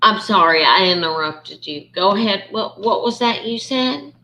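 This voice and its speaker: A woman's voice: mid-range voice, lively intonation, moderate pace, bright, forceful tone, lo-fi sound. A woman hosting a casual call, chatty, with lots of fillers and restarts. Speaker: host. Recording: echoey room, faint ambient noise.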